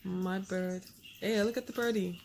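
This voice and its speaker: A woman chatting casually at home in a home video, explaining things in an unhurried way with fillers. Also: medium pitch, steady tone. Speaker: pet bird owner vlogging. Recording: loud background noise, home video. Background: bird chirps and loud background noise.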